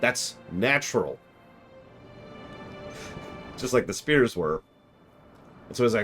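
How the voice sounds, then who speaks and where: A male game streamer talks casually, with an animated, widely swinging voice at a middle pitch. He retells scenes in quick mock voices and bursts out in exasperation. Faint game music plays underneath. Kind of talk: casual let's-play commentary.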